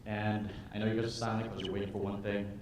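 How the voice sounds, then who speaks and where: A man in his twenties doing a stand-up comedy set, swinging between loud put-on voices and low mutters. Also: level tone, fast, a little hiss or hum. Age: 20s. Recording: echoey hall from far off.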